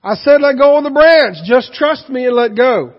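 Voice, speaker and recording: A preacher voicing God as a calm, dryly amused male voice from above. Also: very high voice, moderate pace, long reverb tail, highs cut off.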